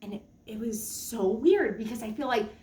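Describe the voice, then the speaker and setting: A young woman talking straight to her audience in an animated, emphatic way, jumping into high quoted exclamations. Her voice sits fairly high. The room around her is echoey. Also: normal speed. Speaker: vlogger. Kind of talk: personal storytelling monologue.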